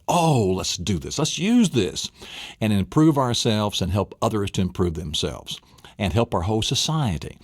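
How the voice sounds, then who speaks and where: A man's voice: on the low side, a little mellow, no echo, clean studio sound. Enthusiastic man teaching a memory lesson. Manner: enthusiastic, coaching, drills the listener. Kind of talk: motivational recorded lesson.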